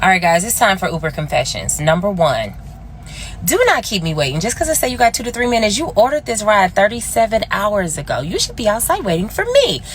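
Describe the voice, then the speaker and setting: Woman rideshare driver talking to the camera, sassy and teasing, super lively pitch, faint background hiss. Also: a little fast. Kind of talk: casual talk to camera.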